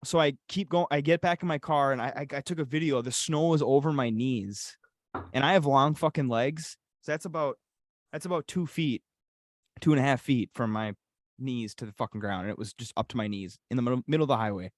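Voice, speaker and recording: A man's voice: mid-range voice, brisk, no echo, studio quality. A young man with an Upper Peninsula Michigan accent telling a story animatedly, swearing often, as a podcast co-host. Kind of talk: casual storytelling.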